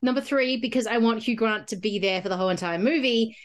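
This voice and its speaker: A woman talking through films on a podcast, animated and laughing often with quick asides. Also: on the high side. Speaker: podcast co-host. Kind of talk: casual movie chat.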